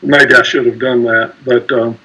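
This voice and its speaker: A man's voice: medium pitch, little pitch movement, normal speed, pushed and bright, husky, rough recording. An older man, about to retire, modestly recalling his working years on a video call. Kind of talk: casual remarks on a video call.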